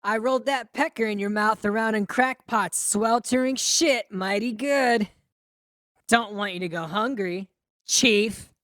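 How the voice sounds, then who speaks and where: A woman's voice: a little high, unhurried, fairly bright tone, no echo, clean studio sound. A woman voicing a crude, dim-witted, vengeful grown son in an audiobook, taunting and mocking in a mean voice. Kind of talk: audiobook character voice.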